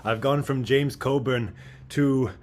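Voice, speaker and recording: A male podcast co-host in casual chat, talking slowly. He laughs as he jokes about the range of his own impressions. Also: mid-range voice, steady tone, darkish tone, slight background noise.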